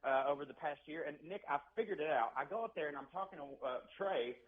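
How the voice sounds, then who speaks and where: Southern guy cracking jokes about himself on the phone, kinda high voice, dull muffled line. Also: expressive, quick pace, slight background noise. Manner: joking, self-deprecating storyteller. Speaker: stand-up comedian guest. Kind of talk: casual phone interview.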